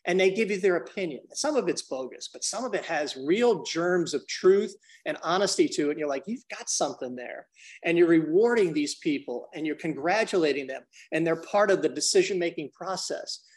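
A business consultant and trainer appears as a podcast guest, energetically explaining business ideas. Speaking briskly with few pauses in a voice on the high side, he acts out little dialogues in different voices and often addresses the host by name.

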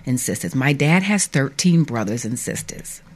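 A middle-aged woman, an author guest on a radio show, giving an earnest, halting personal testimony. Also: extremely low pitch, lively intonation. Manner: earnest, halting, emphatic at times. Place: radio studio.

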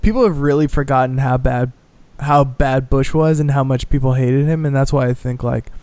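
A man's voice: mid-range voice, normal speed, a little mellow, no echo. A man co-hosting a comedy podcast, talking in a laid-back, casual way.

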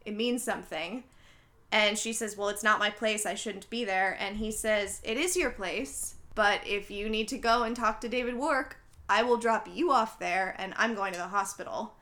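This young podcast host retells a movie's plot in a relaxed, chatty way at normal speed. She plays out the characters' dialogue herself, her voice leaping around in pitch to bring the story to life.

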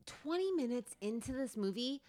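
Podcast lady, excitable and emphatic, lively up-and-down voice. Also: fairly high pitch, moderate pace, no room sound, studio quality. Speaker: podcast co-host. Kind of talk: casual chat.

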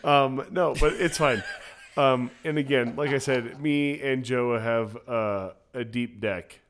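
A man's voice: mid-range voice, takes it slowly, a bit bright, a little hiss or hum. A man hosting a podcast who stammers, laughs often and keeps trying to steer the talk back on track. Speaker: podcast host. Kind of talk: casual podcast banter.

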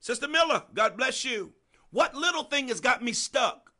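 A man preaching a sermon to a congregation, repeating phrases for emphasis and calling out to listeners by name, swinging between soft and loud. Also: very high-pitched, sing-song, normal speed.

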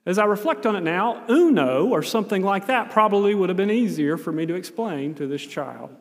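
An American man preaching a sermon, telling a self-mocking story in an animated way. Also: high-pitched, brisk, long reverb tail.

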